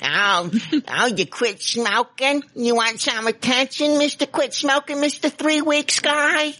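A man putting on a high, mocking voice to taunt someone who quit smoking. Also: sharp tone, no room sound, exaggerated voice. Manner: taunting, drawn-out. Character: mocking heckler man, sneering, high-pitched.

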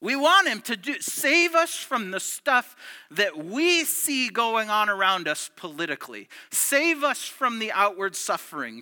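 A male pastor giving a conversational, animated sermon that swings from loud, punchy lines to hushed ones. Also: sits high.

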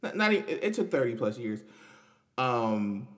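A man's voice: mid-range voice, sing-song, normal speed. A young man, hosting a casual podcast and commenting on news in a loose, chatty way with restarts and laughs. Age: 20s. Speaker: podcast host.

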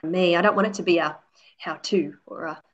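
Aussie woman in her 40s chatting away, lowish voice, kinda muffled lo-fi sound. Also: fairly even intonation, a little fast. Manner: chatty storyteller, many "you know"s, acts out quotes. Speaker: author guest. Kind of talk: casual interview chat. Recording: slightly dull lo-fi audio.

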